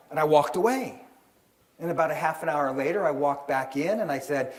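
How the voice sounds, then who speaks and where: A man's voice: on the high side, moderate pace. A middle-aged man, an author and seminar speaker, telling a story to a live audience and acting out the voices in it. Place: event hall with an audience.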